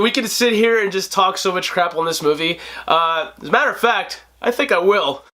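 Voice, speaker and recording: A man in his twenties hosting a casual movie review vlog, animated and joking, laughing often. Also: high-pitched. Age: 20s. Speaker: host.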